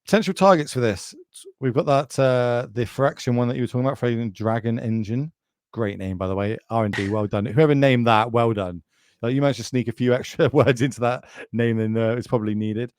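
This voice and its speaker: A man's voice: mid-range voice, brisk, a little mellow, smooth, dry recording. A man with a British accent doing chatty, jokey live commentary on a card game and speaking straight to viewers.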